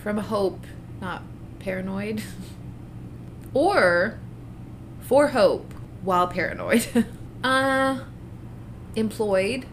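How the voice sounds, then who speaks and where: A woman's voice: medium pitch, animated, very slow, long pauses, slight background noise. A woman co-hosting a podcast, casually brainstorming rhymes, playfully tossing out one word after another. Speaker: podcast co-host.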